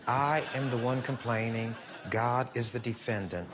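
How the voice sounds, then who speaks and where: Male interviewee, medium pitch, matter-of-fact. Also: normal speed, noisy background. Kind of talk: interview answer.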